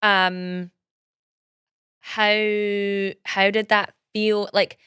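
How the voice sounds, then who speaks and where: A woman's voice: medium pitch, little pitch movement, very slow, pushed and bright, clear, resonant tone, dry recording, clean studio sound. A woman hosting a podcast interview, asking thoughtful, rambling questions with plenty of fillers. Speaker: podcast host. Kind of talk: casual interview chat.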